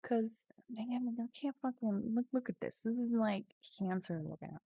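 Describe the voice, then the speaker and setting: A woman's voice: a little high, moderate pace, vocal fry, warm tone, slightly rough, dry recording, studio quality. A woman streaming an AI text adventure, chatting casually while she types, laughing at herself and reading story lines aloud. English is not her first language. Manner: self-mocking, laughs often, reads story text aloud. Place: home streaming setup.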